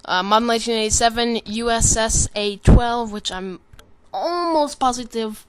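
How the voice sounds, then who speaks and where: A woman's voice: on the high side, fairly even intonation, normal speed, smooth. A tired woman giving casual, rambling commentary over a game trailer, full of ums and self-corrections. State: tired, sleepy. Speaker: gaming commentator.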